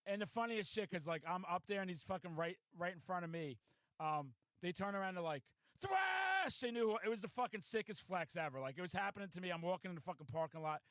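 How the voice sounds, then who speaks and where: A man hosting a podcast in casual chat, telling stories in an excitable, profane rush. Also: sits high, quick pace, dry recording. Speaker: podcast host.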